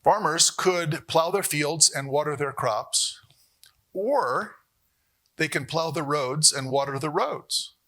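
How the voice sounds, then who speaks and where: A man giving a university economics lecture, animated, with jokey asides and rhetorical questions to the audience. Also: on the high side, slow pace. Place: lecture hall.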